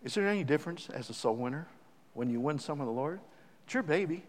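A middle-aged man preaching, his voice sitting a little high for a man. He talks in a folksy, joking way and punches key words with sudden loud rises. The sound rings with a long reverb in a big church hall. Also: animated, quick pace. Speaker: visiting missionary preacher. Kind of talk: sermon.

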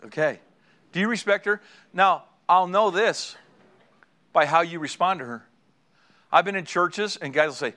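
A middle-aged male pastor with a high, bright, forceful voice preaches to married couples at normal speed, pausing often. He tells stories, speaks straight to his congregation, and laughs at his own tales.

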